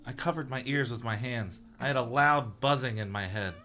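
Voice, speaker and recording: A man's voice: medium pitch, normal speed, bright, forceful tone, slight background noise. A man reading a first-person horror chapter aloud during a comedic group reading.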